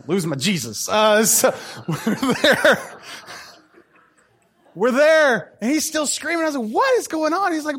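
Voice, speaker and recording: A man's voice: high-pitched, a little slow. A middle-aged male pastor preaching a sermon, telling funny stories and acting out the people in them. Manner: animated, joking, acts out voices in his stories.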